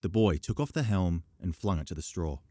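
A man narrates an audiobook in a measured, expressive way. His voice sits low but moves a lot in pitch. The recording is dry and close. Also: no echo.

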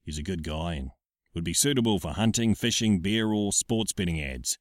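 A man voicing a friendly, easygoing bloke from the local pub in a low, relaxed drawl. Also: moderate pace, no room sound, clean studio sound. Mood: matey. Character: laid-back friendly male pub bloke.

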